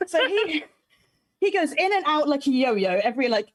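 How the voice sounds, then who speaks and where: A woman on a comedy panel telling a story in a giggly, animated, sweary way over a video call from home. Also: sits high, normal speed. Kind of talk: comedic storytelling on a live stream.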